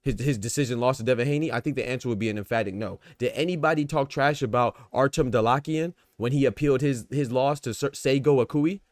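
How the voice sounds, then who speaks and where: A man's voice: mid-range voice, fast talker, hardly any pauses, no echo, clean studio sound. An American man hosting a casual boxing livestream, talking in streetwise slang and firing off rhetorical questions with repeated emphasis. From United States. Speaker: boxing podcast host.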